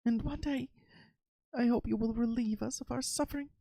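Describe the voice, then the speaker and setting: A woman's voice: a little high, fairly even intonation, normal speed, gravelly, warm tone, no echo. A woman voicing a frightened young girl accused of witchcraft, pleading desperately as she reads a story game aloud. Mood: prayerful.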